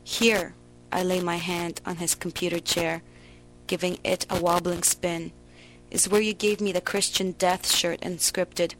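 Slow, dramatic woman reading a story. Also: fairly low pitch, little pitch movement, a little hiss or hum, rough recording. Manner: slow, emotional, theatrical delivery.

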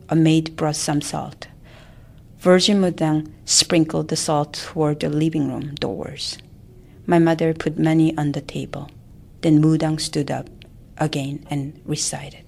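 A woman tells a family story from memory in a low, soft voice that often drops to a whisper. Her tone is husky and gravelly, with a rough fry at the ends of phrases. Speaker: narrator. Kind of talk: memoir storytelling.

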